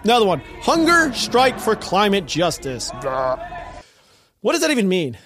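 A man's voice: high voice, huge pitch swings, unhurried, music in the background. A man hosting a podcast, giving casual, mocking commentary with a sarcastic edge and frequent laughter. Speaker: podcast host.

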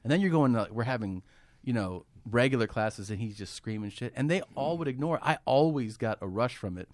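A man's voice: medium pitch, expressive, a little fast, slight background noise. A man, a comedian, telling stories in a casual podcast studio chat, swearing freely and laughing as he goes. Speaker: comedian guest. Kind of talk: casual storytelling conversation.

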